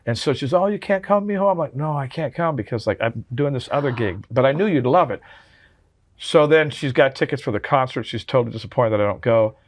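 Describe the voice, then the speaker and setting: A man's voice: medium pitch, fairly quick. A man in his sixties, a guest telling heartfelt stories in an interview, earnest and full of restarts. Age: 60s. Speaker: drummer and memoir author, guest. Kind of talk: interview conversation.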